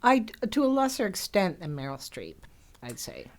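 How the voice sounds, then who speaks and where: A woman's voice: on the low side, huge pitch swings, normal speed. A woman co-hosting a podcast, giving blunt, wry opinions in casual film chat.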